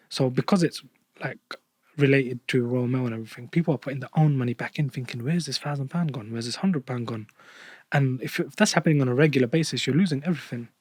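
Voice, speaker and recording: A man's voice: medium pitch, darkish tone, no room sound. Man explaining earnestly, dry sound. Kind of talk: casual podcast chat.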